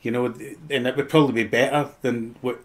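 A man's voice: medium pitch, steady tone, quick pace. A Scottish actor in his forties, telling anecdotes in a casual podcast chat, swearing freely and acting out what people said. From Scotland. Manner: swearing storyteller, acts out quotes. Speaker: guest actor.

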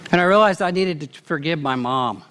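A man with a fairly high voice preaches a sermon to his congregation. He tells the story earnestly, swinging between lively, animated stretches and hushed, soft ones. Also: fairly quick. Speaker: pastor. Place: church auditorium.

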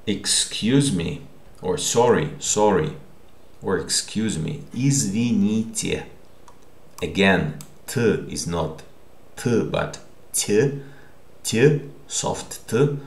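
A man teaching a language lesson, repeating words slowly and checking in with the listener. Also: low-pitched, creaky. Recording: echoey room.

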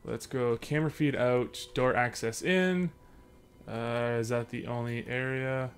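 Unhurried and steady, a young man's medium-pitched, clean-toned voice comments on a horror game he's playing for his let's play. He's from Sudbury, Canada, and he jokes around, swearing, panicking, and yelping when the game frightens him.

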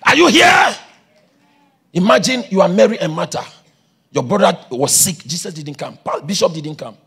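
A man preaching a sermon, shouting with passion and a sing-song cadence, with a gravelly voice. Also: sits high, expressive, a little fast.

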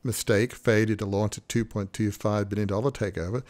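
A man's voice: lowish voice, steady tone, fairly quick, a little mellow. A man hosting a podcast interview, rambling and thinking aloud, with frequent restarts. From Australia. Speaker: podcast host. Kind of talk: conversational interview.

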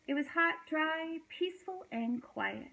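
A woman reading a children's storybook aloud from her small home library in an expressive storytelling manner. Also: sits high, a little slow, vocal fry.

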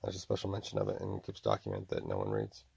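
Gravelly, dark-voiced man muttering numbers. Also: extremely low pitch, sing-song, no room sound. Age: 40s. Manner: mumbling, drawn-out exclamations, voicing imagined tormentors. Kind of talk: rambling self-recorded monologue.

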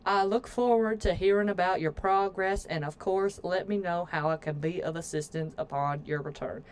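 A woman's voice: lowish voice, moderate pace, a little hiss or hum, lightly acted. A woman voicing a genteel middle-aged sister reading her own letter aloud in a clumsy put-on old-fashioned accent. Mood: earnest.

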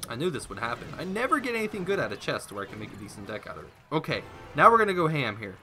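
A man's voice: mid-range voice, sharp tone. A young man giving rambling, self-mocking live commentary while playing a mobile game. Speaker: gaming YouTuber.

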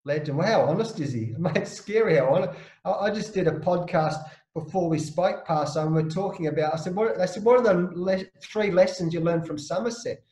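Animated Australian man, high voice, echoey. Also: fairly quick, few pauses. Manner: lively, blokey, acts out the voices in his stories. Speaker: interview guest, former captain. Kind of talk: animated anecdotal storytelling.

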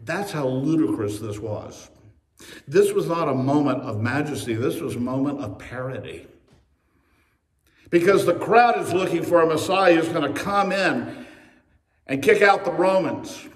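A man's voice: on the high side, expressive, measured pace. A man preaching a sermon as pastor, telling the story with humorous asides and acting out the quotes. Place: church sanctuary. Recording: echoey church recorded from a distance.

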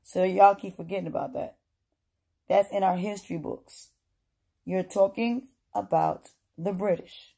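A woman's voice: medium pitch, fairly even intonation, a little slow, gravelly, mellow, slightly rough. A woman giving an emphatic, repetitive opinion monologue, lecturing her listeners in casual speech.

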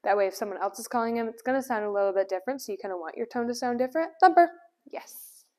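A woman dog trainer whose voice is a little high gives a casual demonstration indoors at home. She explains calmly between cheerful calls of the dog's name and quick praise, recorded by a distant camera.

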